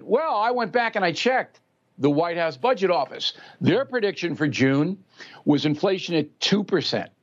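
A man's voice: sits high, animated, moderate pace, muffled recording. An older man in his seventies giving blunt, emphatic political commentary in a talk show interview, mocking politicians by mimicking them.

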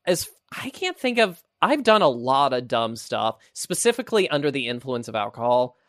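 A man's voice: medium pitch, moderate pace, no echo, studio quality. A man hosting a casual podcast chat, reading out questions and joking around with his guest. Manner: animated, jokey question-asker. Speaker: podcast host.

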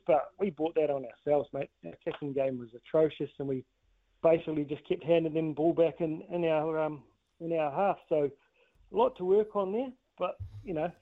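Chatty high-voiced phone caller. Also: male voice. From New Zealand. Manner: chatty, self-mocking, says mate often. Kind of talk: casual phone chat. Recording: muffled phone line.

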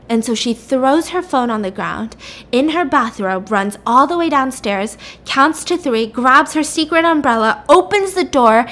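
A young woman with a voice pitched a little high tells a story to her listeners. She talks casually and stays animated, acting out the characters' lines and throwing in playful swears. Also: unhurried. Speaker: podcast host.

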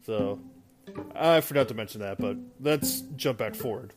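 A man's voice: fairly low pitch, moderate pace. A man casually recapping a film for a video, rambling with many fillers and asides. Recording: guitar music playing behind.

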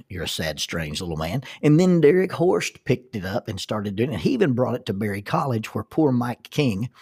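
A man's voice: mid-range voice, a little mellow, husky. A middle-aged man telling a rambling, self-deprecating personal story, with frequent restarts.

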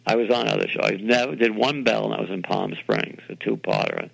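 An older man from New York City, a television producer being interviewed, telling animated anecdotes and acting out the voices of people he quotes. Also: lowish voice, a little fast, gravelly, rough recording. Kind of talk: interview storytelling.

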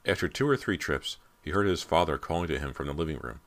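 Male audiobook narrator, extremely deep voice, measured and ominous. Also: fairly bright tone. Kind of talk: scripted narration.

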